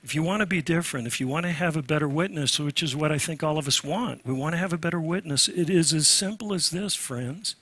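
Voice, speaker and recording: A man preaching a sermon as pastor, animated, climbing loud through lists and dropping to quiet asides. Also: a little high, fast talker, hardly any pauses, breathy edge, no echo.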